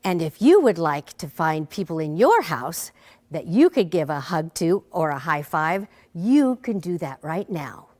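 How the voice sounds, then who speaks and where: A woman teaching a preschool lesson, talking gently to a bear puppet and young children. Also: deep voice, sing-song, measured pace.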